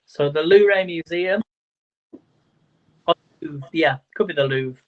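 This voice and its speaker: A man with a fairly high voice speaks slowly as a chatty livestream quiz host, tripping over his words and counting aloud. The audio is dull, muffled lo-fi livestream sound.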